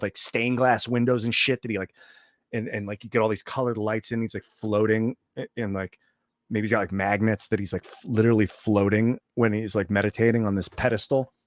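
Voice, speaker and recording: A man's voice: on the low side, no room sound, clean studio sound. A man hosting a livestream, telling a long story in a loose, profane, rambling way with many restarts. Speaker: livestream host.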